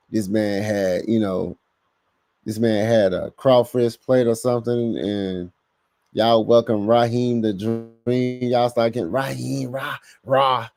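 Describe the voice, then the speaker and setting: A man hosting a casual live sports podcast, reading the chat aloud and talking back to it with lively bursts of emphasis. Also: lowish voice, creaky, no room sound. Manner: animated, talks to chat, bursts of louder emphasis.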